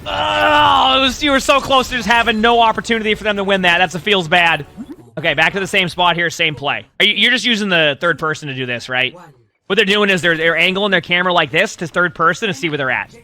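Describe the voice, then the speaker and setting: High, very bright-voiced male streamer. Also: fast talker. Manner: chatty, repeats himself, many "like" fillers. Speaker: streamer coaching a spectated player. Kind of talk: casual gameplay commentary.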